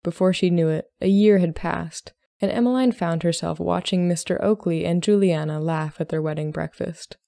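Mellow, low-voiced woman storyteller. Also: normal speed, creaky, hardly any pauses, no room sound, clean studio sound. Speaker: podcast host and story reader. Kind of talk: storytelling narration.

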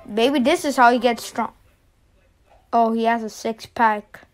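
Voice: mid-range voice, measured pace, soft background music. A reaction video host giving casual commentary, stammering and swearing in exasperation.

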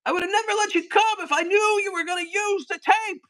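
A man doing a shrill, furious yelling man. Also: steady tone, brisk. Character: enraged man engineer yelling at coworker.

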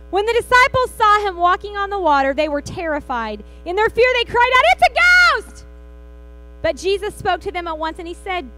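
A woman's voice: extremely high pitch, pushed and bright, low-quality recording. A woman pastor, preaching a sermon in a church and telling the story with acted-out quotes. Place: church sanctuary.

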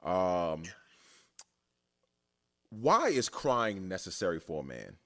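Low-voiced man asking a halting question. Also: wildly swooping pitch, pushed and bright. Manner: halting, repeats words while framing a question. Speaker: podcast host. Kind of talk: podcast interview.

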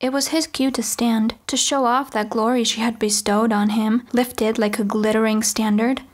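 A woman reading a novel aloud as an audiobook, in measured first-person storytelling. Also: a little high, steady tone. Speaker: audiobook reader. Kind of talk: audiobook narration.

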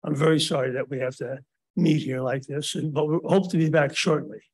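A man speaking as a developer at a public meeting, hesitant and apologetic, full of pauses and fillers. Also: fairly high pitch, steady tone, breathy edge. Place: county meeting room.

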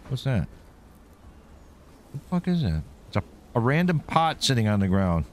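A man's voice: sits low, animated, normal speed, pauses often, a little hiss or hum. A man streaming a game, joking crudely and mocking the characters' dialogue as he plays. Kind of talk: casual gameplay commentary.

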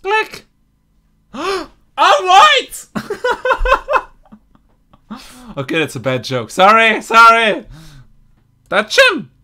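Giggly, shouting woman playing a game. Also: sits high, very animated, extremely slow, long pauses. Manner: loud, giggly, shouting and laughing often. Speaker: gamer. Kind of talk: playing a video game with commentary.

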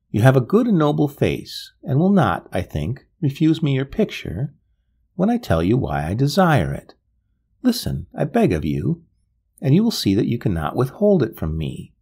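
A man voicing a frail, grieving old gentleman who speaks formally and pleads. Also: mid-range voice, husky, full character voice. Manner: formal, imploring, trembling.

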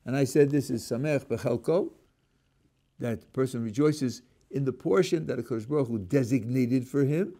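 An older man, a rabbi, giving a Torah lecture and acting out the speakers in his examples, sprinkled with Hebrew religious terms. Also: normal speed. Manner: animated, acts out a speaker's voice, rising and dropping pitch. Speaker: rabbi teaching a class.

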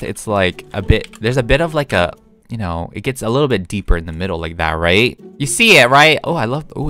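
A man's voice: on the low side, fairly bright tone. A young man giving casual, rambling commentary as he builds something in a video game, talking to himself with lots of fillers. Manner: chatty, rambling, self-talk with frequent fillers and giggles.

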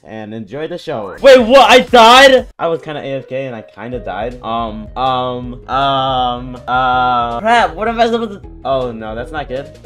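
A young man giving casual gameplay commentary, excitable and quick to react, often repeating words and exclaiming. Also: medium pitch. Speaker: gaming YouTuber. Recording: faint background game music.

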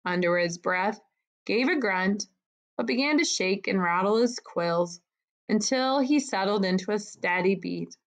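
Slow, measured woman reading a storybook. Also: mid-range voice. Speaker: narrator. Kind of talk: storybook read-aloud.

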